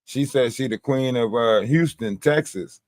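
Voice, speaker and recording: Male livestream host, average pitch, dry close sound, profane and animated delivery. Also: measured pace, no room sound. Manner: profane, animated storytelling with mimicked quotes. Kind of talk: casual livestream commentary.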